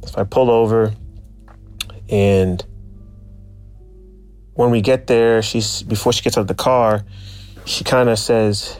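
A man's voice: on the low side, fairly even intonation, takes it slowly, pauses often, a little mellow, smooth, no echo, soft background music. A man casually telling a personal story, reflective and searching for his words. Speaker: guest storyteller.

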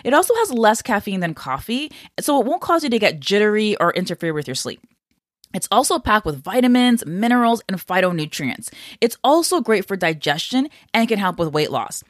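A woman's voice: mid-range voice, very animated, a little fast, no room sound, clean studio sound. A woman hosting a health podcast, chatty and upbeat, coaching listeners with lots of "okay?" and "like". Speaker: podcast host. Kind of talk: casual health podcast talk.

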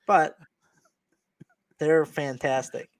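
A man co-hosting a casual podcast chat, relaxed and playful. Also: a little high, very slow, no room sound. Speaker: podcast co-host.

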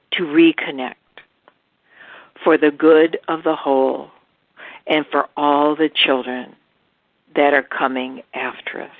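A woman hosting a spiritual talk show, speaking slowly and earnestly in a reflective monologue. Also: low voice, gravelly, no room sound, phone-quality sound. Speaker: host.

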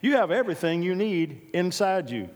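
A man's voice: high voice, sing-song, normal speed. A man preaching a sermon as pastor, emphatic and repeating his key lines, with folksy storytelling. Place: church. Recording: long reverb of a large hall.

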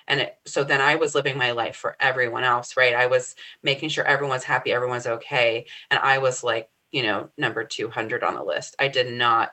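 Podcast co-host, forties, woman; low register but a bright, forward tone; earnest, reflective chat. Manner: earnest, often checks in with "right?". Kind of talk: casual reflective conversation.

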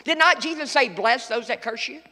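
Middle-aged male pastor, sermon, high voice, folksy storytelling, hall reverb. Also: brisk, sharp tone. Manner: preaching with folksy storytelling and emphatic outbursts.

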